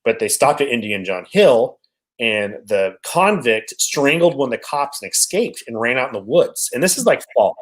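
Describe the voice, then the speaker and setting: A man's voice: medium pitch, very animated, normal speed, low-quality recording. A man from Washington State chatting casually and telling rambling, profane anecdotes as a podcast guest. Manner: laid-back, swearing, rambling anecdotes. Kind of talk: casual chat, storytelling.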